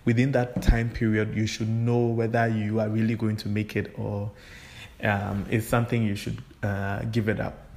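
Male podcast host, low and monotone, musing aloud with fillers. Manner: unhurried, reflective, with frequent fillers. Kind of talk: solo podcast monologue.

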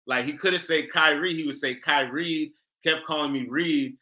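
A comedian co-host tells stories bluntly and swears often. His voice is very bright and fairly high. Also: normal speed. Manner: brash, profane storyteller. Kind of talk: casual comedic banter.

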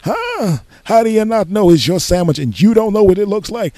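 Man doing a shrill, badgering sandwich guy. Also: big pitch swings, moderate pace, no room sound, clean studio sound. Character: rude impatient male sandwich-shop worker.

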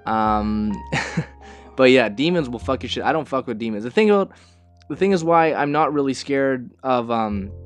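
A man's voice: medium pitch, animated, moderate pace, soft background music. A young man hosting a casual podcast, rambling and swearing as he tells stories with bursts of laughter. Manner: rambling, profane, laughing storyteller. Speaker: podcast host.

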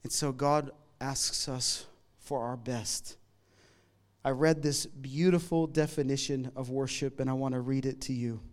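A middle-aged man preaching a sermon in a conversational, humorous way, moving between loud emphatic lines and quiet asides. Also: mid-range voice, fairly even intonation, measured pace. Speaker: pastor.

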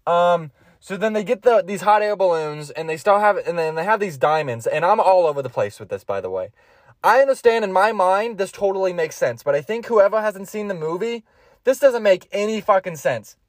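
A young man talks through his solo podcast in a loose, rambling, profane way and keeps cracking himself up. His voice sits high for a man. The recording is close and dry. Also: animated, a little fast, no echo. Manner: rambling, profane, laughs often. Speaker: podcast host.

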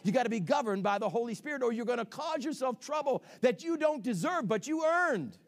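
A male pastor preaching a sermon in an emphatic way, swinging between shouts and soft asides. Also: extremely high pitch, expressive, fairly quick.

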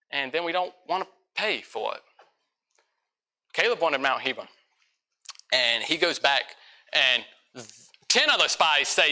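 Animated preacher man with a bright voice. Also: fairly high pitch. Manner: animated, acts out conversations in quick voices. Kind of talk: sermon. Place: church, in front of a congregation.

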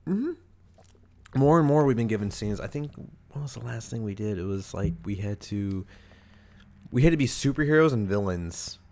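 A young American podcast host with a lowish, darkish, animated voice chats casually at a moderate pace. He rambles loosely, restarting sentences and filling gaps with "like."

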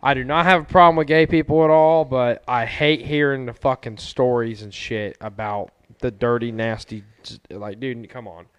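A man's voice: medium pitch, fairly even intonation, normal speed, few pauses, clear, resonant tone, dry recording, lo-fi sound. A young man co-hosting a casual chat, swearing freely and telling stories with animation. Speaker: podcast co-host.

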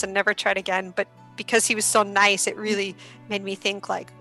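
Bright, animated woman telling a story. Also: medium pitch, moderate pace, faint music behind, rough recording. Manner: animated, laughing often, many "like" fillers. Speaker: podcast guest, karuta player. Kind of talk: casual podcast storytelling.

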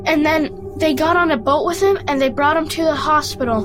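A woman's voice: high-pitched, steady tone, brisk, few pauses. A woman reading a short story aloud carefully, with small stumbles. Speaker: story reader. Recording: music playing underneath.

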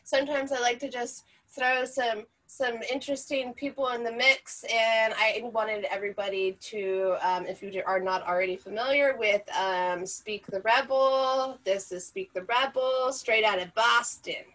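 A woman hosting a casual live-stream music chat, playful and quick to laugh. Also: fairly high pitch, steady tone, fairly bright tone. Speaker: host.

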